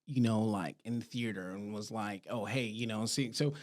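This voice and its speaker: A man's voice: lowish voice, steady tone, moderate pace, a little mellow. A man in his thirties hosting a podcast, talking casually and rambling with lots of fillers and restarts. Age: 30s. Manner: rambling, full of "like" and "you know", restarts often. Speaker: podcast host. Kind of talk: casual conversation.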